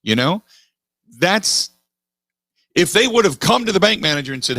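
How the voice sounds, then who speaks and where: A middle-aged man hosting a sports talk radio show, making his case in an animated, emphatic way and repeating phrases for weight. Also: high voice, moderate pace, no echo, studio quality. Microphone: studio microphone.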